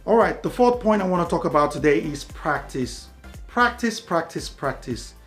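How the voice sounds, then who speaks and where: A man's voice: on the high side, animated, fairly quick, soft background music. A man tutoring for a language exam, explaining steadily and repeating key words for emphasis. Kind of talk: instructional talk to camera.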